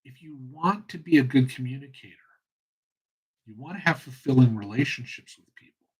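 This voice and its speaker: This man talks with a husky, slightly rough voice at a middling pitch. He speaks earnestly and with passion, pausing and restarting as he reflects on his own experience. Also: lively intonation, low-quality recording. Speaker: host. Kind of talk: reflective solo talk.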